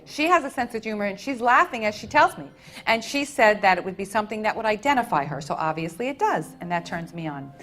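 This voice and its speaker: A woman's voice: mid-range voice, very animated, fast talker, faint music behind, rough recording. Soothing woman giving a live spirit reading. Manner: soft, soothing, tender, calling people honey and sweetheart. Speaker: medium at a public reading.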